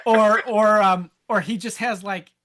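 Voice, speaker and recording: A podcast host who talks slowly and easily, with a bright voice. The chat is casual and drifts into asides and quoted lines. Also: mid-range voice, steady tone. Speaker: podcast host asking the questions.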